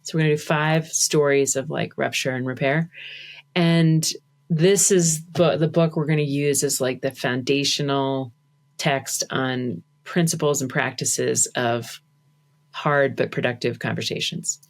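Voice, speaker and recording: A woman's voice: a bass voice, fairly even intonation, measured pace. A woman talking as a podcast guest in casual conversation, chatty and full of "like" fillers.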